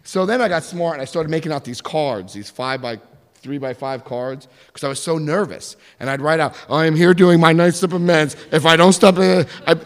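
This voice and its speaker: A man telling a personal story in an animated way, acting out the voices of others. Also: on the high side, normal speed, in a large hall.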